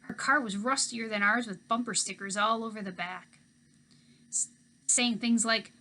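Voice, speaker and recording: A woman teacher reading a children's novel aloud in expressive first-person storytelling. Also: mid-range voice, moderate pace.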